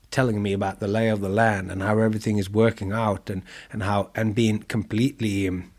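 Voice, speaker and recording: A man hosting a podcast, talking in a thoughtful, meandering monologue with many fillers and restarts. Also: lowish voice. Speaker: podcast host.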